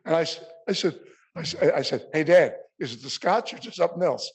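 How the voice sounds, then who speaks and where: Halting older man giving emotional remarks. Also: a little high, lively intonation, vocal fry, breathy edge. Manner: halting with repeated restarts. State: choked up. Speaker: symposium speaker.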